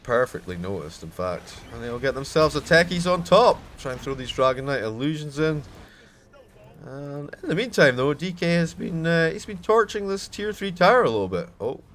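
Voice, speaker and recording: A Scottish man commentating on a live esports match, chatty between plays and shouting with excitement when a fight breaks out. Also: fairly high pitch, normal speed, slight background noise. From Scotland. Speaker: esports caster.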